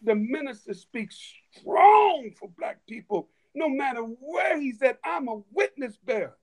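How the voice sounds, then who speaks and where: A man telling stories in a casual chat, animated, with many restarts and laughing asides. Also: extremely high pitch, a little slow. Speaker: guest storyteller.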